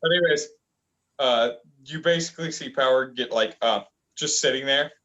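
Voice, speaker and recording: A young man co-hosting a casual review chat, rambling and halting with lots of fillers. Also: mid-range voice, bright, forceful tone, muffled recording. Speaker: manga review co-host.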